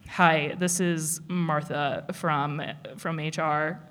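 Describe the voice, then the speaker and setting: A woman putting on a stern office woman from HR, talking slowly in a clipped, businesslike way. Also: sits low, steady tone, a bit bright, long reverb tail, voice pushed down.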